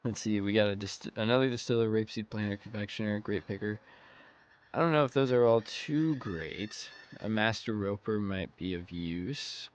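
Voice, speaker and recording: Deep, smooth-voiced man thinking aloud. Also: moderate pace. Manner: rambling, thinks aloud while playing. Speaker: gameplay commentator. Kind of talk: casual let's-play commentary.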